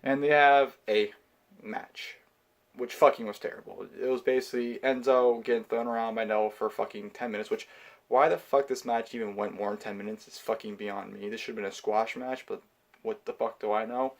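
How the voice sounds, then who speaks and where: A man giving a casual, heated review of a wrestling show, swearing often and filling pauses with ums. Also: lowish voice, fairly even intonation. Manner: profane, heated ranting; frequent filler words and restarts. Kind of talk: casual pay-per-view review.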